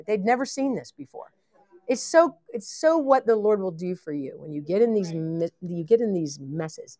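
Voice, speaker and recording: A woman preacher telling a long story in a sermon, animated, acting out the voices of the people in it and often laughing. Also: medium pitch, brisk. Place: conference hall.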